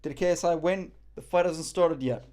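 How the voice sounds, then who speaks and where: A man's voice: fairly high pitch, normal speed, a little mellow. A young man from Morocco chatting casually on a live stream, reading the chat and making self-mocking jokes. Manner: joking, self-mocking banter.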